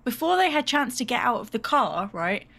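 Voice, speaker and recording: A woman's voice: fairly high pitch, big pitch swings, moderate pace, vocal fry, fairly bright tone. A woman, co-hosting a podcast, blunt and crude in a teasing, chatty way. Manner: blunt, crude and teasing, does silly voices. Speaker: podcast co-host. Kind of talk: casual chat.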